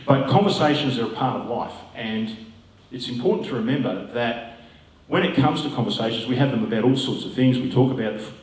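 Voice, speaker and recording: A man with a medium-pitched, slightly mellow voice speaks fairly quickly with lively intonation. He is a pastor appearing as a guest speaker, giving an informal, conversational talk to an audience with musing asides. The recording sounds roomy, as if captured in a hall from a distant mic.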